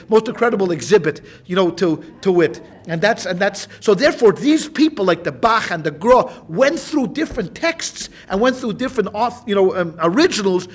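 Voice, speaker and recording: Higher-voiced rabbi telling stories in class. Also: male voice. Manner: storytelling, repeats phrases, many restarts. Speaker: rabbi teaching Talmud class. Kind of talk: informal Talmud lesson.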